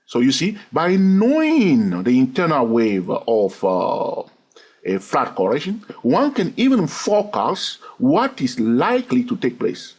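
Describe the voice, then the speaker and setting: A man's voice: medium pitch, huge pitch swings, unhurried, a little mellow, slightly rough. A man teaching a chart-reading lesson, who keeps checking in with his listeners and counts the waves aloud. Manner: checks in constantly with "okay?" and "yes or no?". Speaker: trading instructor.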